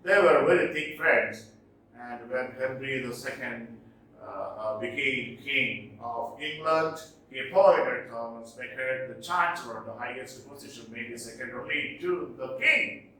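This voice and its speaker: A man lectures on English literature in a bright, sharp-toned voice, taking his time and circling back to stress exam points. He is heard from some distance in a strongly echoing room. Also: mid-range voice, measured pace, slight background noise. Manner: explanatory, repeats key points for exams. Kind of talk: classroom lecture.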